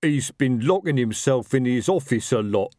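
A man voicing a slow-witted, chatty male troll worker with a rambling, working-class manner. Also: mid-range voice, animated, darkish tone, dry recording, studio quality, lightly acted.

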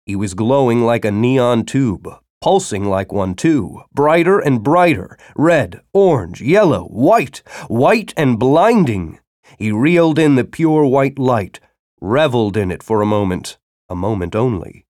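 A man narrating a story in a dramatic reading style, breaking into urgent, shouted dialogue. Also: medium pitch, lively intonation, measured pace, no echo, studio quality. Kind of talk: audiobook narration.

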